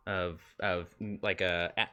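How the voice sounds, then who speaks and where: Bright-voiced male game master. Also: deep voice, little pitch movement, smooth. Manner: halting, full of restarts while explaining. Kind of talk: narrating a tabletop game.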